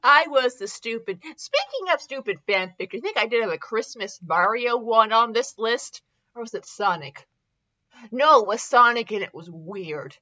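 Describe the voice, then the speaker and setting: Woman reading fanfic aloud, sarcastic asides, lively bright voice, dull lo-fi sound. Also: fairly high pitch, moderate pace. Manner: sarcastic, laughing asides, stumbles over words. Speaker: podcast host reading fanfiction.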